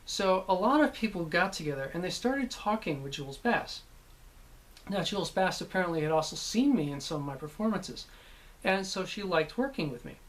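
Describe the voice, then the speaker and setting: A man, a voice actor, casually recalling his work, rambling with many pauses and restarts. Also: high voice, expressive. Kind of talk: casual anecdotal talk.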